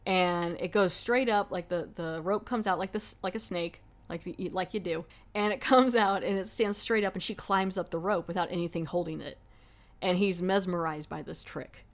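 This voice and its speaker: A woman's voice: fairly low pitch, moderate pace. A woman hosting a podcast, casually reviewing a horror film in a rambling, chatty way. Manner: rambling, chatty, lots of "like" fillers. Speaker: podcast host.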